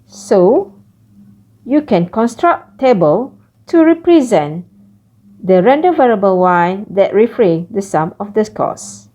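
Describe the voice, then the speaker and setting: Slow, lively woman lecturer. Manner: slow, lively pitch, explains step by step. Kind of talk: recorded math lecture.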